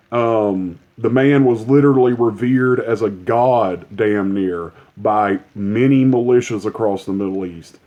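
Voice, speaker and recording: A man in an angry, swear-laden rant, his tone dark and mellow at an average pitch. He hammers his points home with emphatic repetition. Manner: profane, heated, emphatic. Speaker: commentator.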